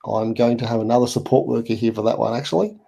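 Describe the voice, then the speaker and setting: A man's voice: mid-range voice, steady tone, fast talker, creaky, dark tone, husky. An Australian man hosting a live chat show, rambling through stories with repeated words and laughter. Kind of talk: casual live chat, storytelling.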